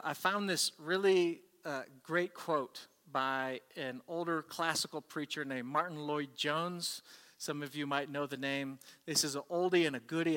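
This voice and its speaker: A man's voice: a little high, bright, forceful tone. A man preaching a sermon as pastor, earnest and conversational. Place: church service. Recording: long hall reverb.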